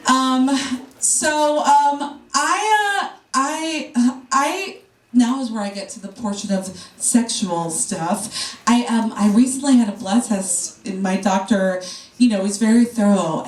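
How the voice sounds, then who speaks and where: A woman doing a brash, profane stand-up set, teasing the crowd. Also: medium pitch. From New York. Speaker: stand-up comedian. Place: comedy club stage. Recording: roomy club sound from a distance. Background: audience laughter.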